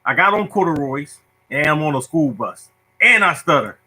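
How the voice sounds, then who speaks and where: Bright-voiced, joking male host. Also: fairly high pitch, moderate pace, slightly rough, low-quality recording. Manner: animated, joking, self-mocking. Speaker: lottery show host. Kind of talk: casual storytelling to viewers.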